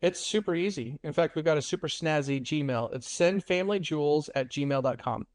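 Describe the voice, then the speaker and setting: A man co-hosting a podcast, telling family stories in a lively, laughing way. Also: fairly high pitch, normal speed, no echo, clean studio sound. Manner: animated, laughing storyteller. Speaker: podcast co-host. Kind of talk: casual storytelling chat.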